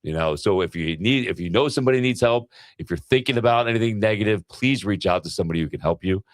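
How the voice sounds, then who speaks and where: A man's voice: on the low side, fast, no echo, clean studio sound. A middle-aged man co-hosting a casual podcast, joking and then speaking earnestly and with heart. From New Jersey. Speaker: co-host.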